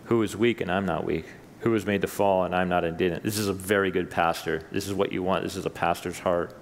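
A man, a pastor, preaching a sermon with lively rises when he reads scripture and chatty asides to his listeners. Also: sits low, fast, big-room sound, a little hiss or hum. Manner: animated preaching, voice rising for quoted scripture; conversational asides to the congregation. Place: church sanctuary.

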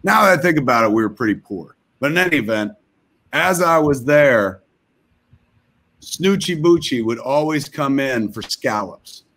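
A man's voice: mid-range voice, moderate pace. Profane New man spinning a tall tale. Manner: rambling, profane, deadpan storytelling. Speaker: guest filmmaker telling a comic story. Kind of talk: comic storytelling on a video call.

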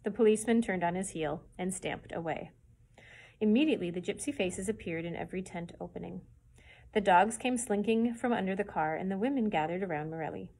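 Librarian reading a chapter book for kids, steady and clear. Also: female voice, medium pitch, fairly quick. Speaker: children's librarian.

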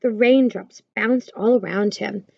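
A woman reading a children's picture book aloud in a gentle, clear storytelling manner. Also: mid-range voice, a little slow, dry recording, muffled recording.

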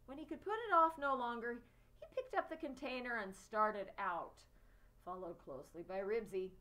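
A woman reading a children's chapter book aloud, expressive. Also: a little high, normal speed, poor audio. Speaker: storyteller.

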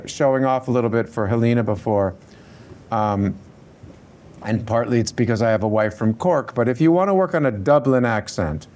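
A middle-aged man who teaches acting, talking through a workshop Q&A in an animated, conversational way and swearing casually. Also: medium pitch. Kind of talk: workshop Q&A talk.

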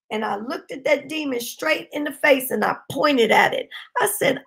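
A woman preaching a sermon, telling a testimony with impassioned shouting bursts. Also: high voice, moderate pace, creaky. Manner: impassioned, shouting bursts, Southern-style speech.

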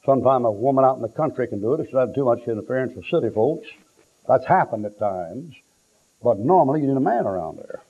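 Folksy preacher on a tinny recording. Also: male voice, medium pitch, expressive, fast talker, husky. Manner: folksy storytelling, acts out quotes, shouts for effect. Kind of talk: sermon. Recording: tinny lo-fi phone-like sound.

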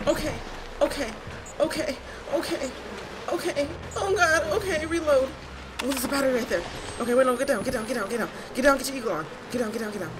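A woman's voice: high voice, quick pace, loud music behind the voice. A woman giving let's-play commentary, jumpy and swearing, who shrieks when she gets scared. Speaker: gamer.

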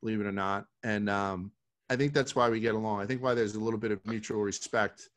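A man's voice: on the low side, fairly even intonation, fast talker, fairly bright tone. A middle-aged man from Brooklyn, a podcast guest telling stories in a rambling, profane, casual way. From Brooklyn, New York.

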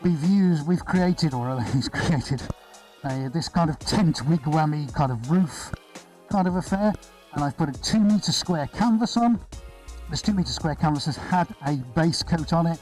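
Brief: upbeat male artist host, slightly high voice, chatty and rambling, live-stream feel. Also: animated, a little slow, a little mellow, soft background music, rough recording. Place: indoor studio floor with extractor fan.

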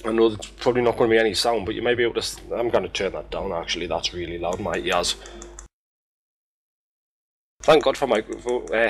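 A man talking through a game tutorial in a casual, rambling, sweary way, poking fun at himself. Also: on the low side. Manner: rambling, sweary, self-mocking. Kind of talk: casual screen-recorded tutorial.

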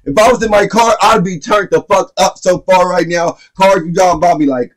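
A man hosting a reaction channel, reacting to a rap song with loud, excitable exclamations. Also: high-pitched, a little fast.

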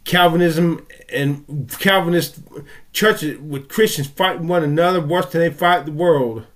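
Angry american guy ranting on his vlog, cussing nonstop, kinda high voice, keeps stumbling over words. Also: unhurried. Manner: furious, profane and stammering. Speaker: vlogger.

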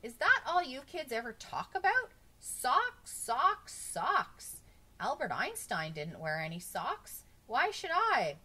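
Woman reading as a proud, easygoing homeless man, storybook, lively and matter-of-fact. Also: mid-range voice, moderate pace, voice pushed up. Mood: exasperated. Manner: matter-of-fact, bursts into shouting. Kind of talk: storybook read-aloud.

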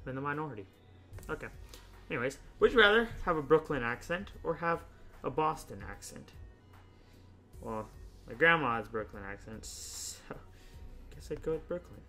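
A young man hosting a casual gaming video, chatting and thinking out loud, often laughing as he rambles through choices. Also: fairly high pitch, animated, normal speed, long pauses, faint music behind. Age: young adult. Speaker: YouTube host playing a choice game.

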